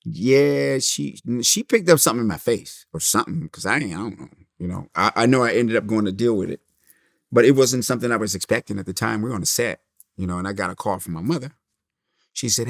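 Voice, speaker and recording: A middle-aged man, a comedian guest in an interview, telling his story in a lively way and acting out the people he quotes. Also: medium pitch, fast, vocal fry, dry recording, clean studio sound. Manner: animated storyteller, acts out quotes.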